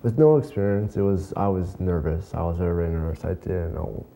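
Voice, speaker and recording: A man, a working actor, answering interview questions in a studio in a halting, eager way, with many fillers and repeated agreements. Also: deep voice, gravelly, mellow. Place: television studio.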